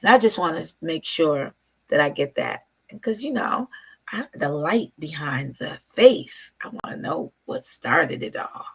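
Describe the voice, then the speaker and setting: Excitable woman host on a live video call, crisp bright tone, effusive and laughing. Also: deep voice, a little slow. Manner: gushing, exclaiming and laughing. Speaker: show host. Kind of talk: casual live interview. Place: outdoors in wind.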